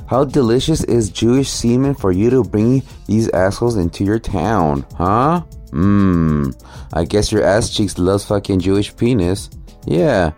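A man's voice: on the low side, measured pace, darkish tone, soft background music. A man giving profane commentary over clips, with crude, sneering rants. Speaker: commentary host.

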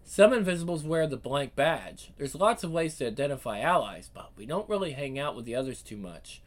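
A man voicing a calm, knowing woman from a secret group who explains things with teasing endearments, in a comic reading. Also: medium pitch, brisk, close to an everyday voice. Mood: cool.

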